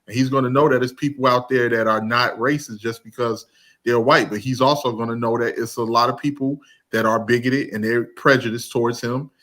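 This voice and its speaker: A man's voice: medium pitch, steady tone, a little fast, a bit bright. A man hosting a casual commentary talk, blunt and emphatic, often restarting his sentences. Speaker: host of commentary channel.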